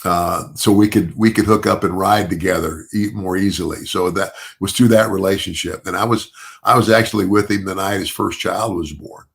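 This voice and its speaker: Low-pitched and fairly bright with vocal fry, an older podcast guest tells a long story at a moderate pace with fairly even intonation. It's a casual ramble full of restarts and repeated words, punctuated by his own chuckles.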